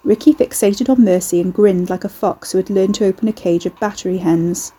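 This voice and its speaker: A woman reading a novel aloud in steady scripted narration. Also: medium pitch, fairly quick, breathy edge, rough recording. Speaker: audiobook narrator.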